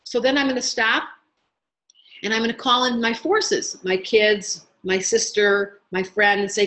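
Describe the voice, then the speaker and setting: A middle-aged woman teaching an astrology class in an online workshop, animated and talking straight to her students by name. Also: medium pitch, measured pace, rough recording. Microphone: webinar computer mic.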